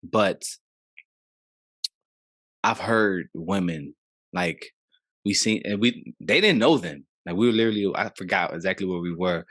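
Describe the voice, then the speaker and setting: A man's voice: low-pitched, a bit bright, no echo. A podcast host talking casually with his guest. He gets emphatic and heated when something bothers him, and he keeps asking "you know what I'm saying?". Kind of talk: casual conversational interview.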